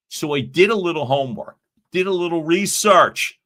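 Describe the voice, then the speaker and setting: A man's voice: fairly high pitch, lively intonation, normal speed, a bit bright. A man coaching salespeople on a live stream, talking with energy and emphasis and acting out sample phone lines.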